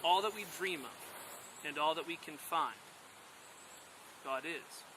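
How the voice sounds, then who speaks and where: A man voicing a wise old female turtle who speaks slowly and solemnly in a storybook tale, outdoors with faint rural sound. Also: a little high, background noise, lightly acted.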